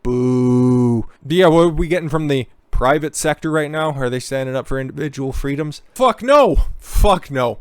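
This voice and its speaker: A man's voice: mid-range voice, steady tone, normal speed, hardly any pauses, darkish tone, smooth, no echo, studio quality. A man hosting political commentary, ranting angrily and sarcastically over news clips, with heavy swearing and mocking voices.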